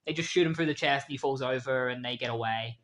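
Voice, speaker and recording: A man hosting a casual comic book retrospective, an animated storyteller who acts out characters' lines. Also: mid-range voice, quick pace. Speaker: host.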